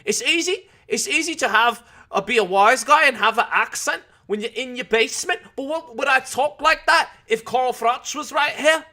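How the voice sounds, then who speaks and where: A man putting on a deliberately poor British accent as a brash, slangy boxing pundit during live-stream commentary. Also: very high voice, bright, forceful tone, pitched above the performer's own voice, heavily acted. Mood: mock-tough. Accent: deliberately poor put-on British accent. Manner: brash, slangy, repeats catchphrases. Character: cheeky mock-British male boxing pundit.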